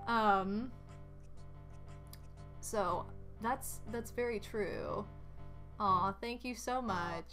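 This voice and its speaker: A woman's voice: medium pitch, drawn-out words, pauses often, fairly bright tone. A woman streamer chatting casually while she plays, rambling with lots of "like" and gushing thanks to donors. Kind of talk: casual gameplay chat. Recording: music playing behind.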